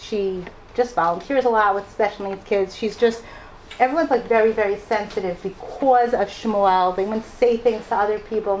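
Animated woman telling family stories. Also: medium pitch, a little hiss or hum, poor audio. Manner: animated, laughing often, acting out the people she quotes. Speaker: mother speaking to an audience. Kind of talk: personal storytelling talk.

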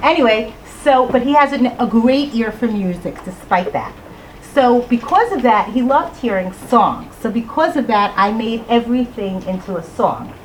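A middle-aged woman telling a personal story to an audience in an animated way, acting out voices and rhyme lines. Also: fairly high pitch, moderate pace, a little hiss or hum, rough recording. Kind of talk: storytelling talk.

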